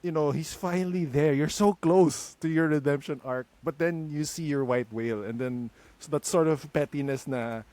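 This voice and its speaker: Animated Filipino man chatting. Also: a little high, normal speed, few pauses, dry recording. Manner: animated, mixes English with Tagalog. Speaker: podcast co-host. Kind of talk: casual chat.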